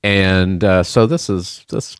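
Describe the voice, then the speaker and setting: Very deep-voiced genial podcast host. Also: male voice, steady tone, clear, resonant tone, no room sound, clean studio sound. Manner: genial, halting with restarts. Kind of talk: casual chat.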